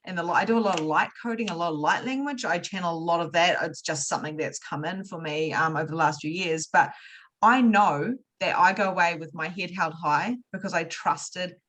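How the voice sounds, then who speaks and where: A woman hosting an interview, telling stories lively and acting out the dialogue in a casual chat. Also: fairly low pitch, fairly quick. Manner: lively storyteller, acts out dialogue. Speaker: interview host.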